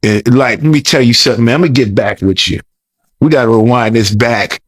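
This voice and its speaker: A man's voice: mid-range voice, a little fast, dry recording. Interview guest, male, rambling slangy storyteller with a mid-range voice, dry sound. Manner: rambling, repeats words, loose slangy talk. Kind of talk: casual storytelling.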